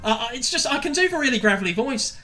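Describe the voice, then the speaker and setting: A man hosts a comedic radio show. His voice comes across bright and forceful. He talks in a jokey, self-mocking way, full of quick asides. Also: very high voice, big pitch swings, faint music behind. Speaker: radio host.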